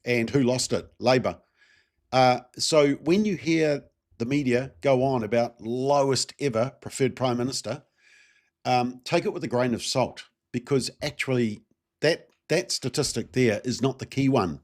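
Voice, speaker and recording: A man, talking through his points in a loose, conversational way. He fills pauses with frequent ums and uhs and throws rhetorical questions at his viewers. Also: medium pitch. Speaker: political commentary host. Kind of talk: casual solo political commentary.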